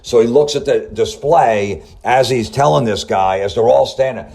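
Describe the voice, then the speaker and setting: A man's voice: mid-range voice, moderate pace, gravelly, darkish tone. A man tearing apart a story in a sarcastic, profane comedic rant, full of incredulous questions. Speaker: comedy commentator.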